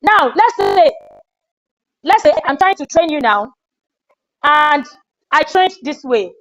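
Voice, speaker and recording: A woman trainer giving an animated classroom lecture and acting out a teacher scolding a student. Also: high-pitched, takes it slowly, dry recording, faint music behind, poor audio. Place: lecture room.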